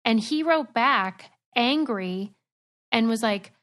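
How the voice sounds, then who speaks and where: A woman's voice: fairly high pitch, animated, slow, fairly bright tone. A woman co-hosting a podcast, telling candid personal stories in casual chat. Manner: candid storyteller. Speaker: podcast co-host.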